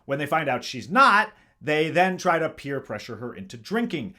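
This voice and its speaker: A male host recaps a film with dry, sarcastic jokes. His voice sits a little high and swings widely in pitch, and he keeps a steady, chatty flow. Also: moderate pace, soft background music. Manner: sarcastic, wry asides. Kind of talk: comedic movie review narration.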